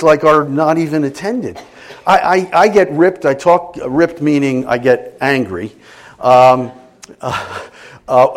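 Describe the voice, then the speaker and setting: A middle-aged man preaching a sermon as a pastor, emotional and animated, dropping at times to quiet intensity. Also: fairly high pitch. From Italian family background.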